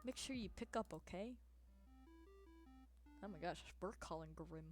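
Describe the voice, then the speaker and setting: A woman's voice: lowish voice, animated, unhurried, soft background music. A woman streaming a game, reading her lines in a playful, teasing, giggly way. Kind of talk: casual game playthrough.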